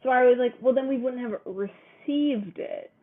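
A woman's voice: fairly high pitch, normal speed, a little hiss or hum. A woman co-hosting a casual quiz chat, reading questions aloud and laughing often. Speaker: co-host. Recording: tinny phone-like sound.

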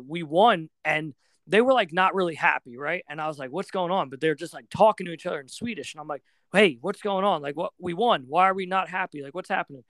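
Young American man, podcast guest; relaxed, filler-heavy storytelling, clear smooth tone on a dry close mic. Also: on the high side, no echo. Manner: relaxed, rambling, many fillers. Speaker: podcast guest, floorball player. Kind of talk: casual storytelling.

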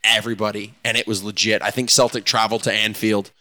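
A man's voice: lowish voice, level tone, quick pace, bright, forceful tone. A man hosting a casual sports podcast, talking enthusiastically and laughing often. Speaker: podcast host.

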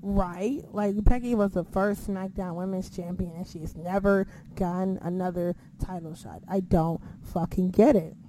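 Animated woman swearing through a recap. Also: fairly low pitch, measured pace, hardly any pauses, a little hiss or hum, low-quality recording. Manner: animated, swearing, acts out her own reactions. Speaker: wrestling recap host. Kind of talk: casual profane recap.

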